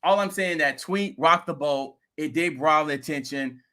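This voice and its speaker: Bright, high-voiced man rambling on camera. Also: moderate pace. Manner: rambling, animated storytelling. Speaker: crypto video host. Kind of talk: casual vlog commentary.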